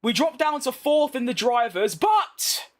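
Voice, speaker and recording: A young British man with a fairly high voice chats over a racing game, answering his viewers with blunt, cheeky banter. He talks in a loose, unscripted way, often trailing off and restarting. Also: expressive, normal speed. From Britain. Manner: chatty, blunt, reads chat and banters back. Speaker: gaming streamer. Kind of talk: casual commentary over gameplay.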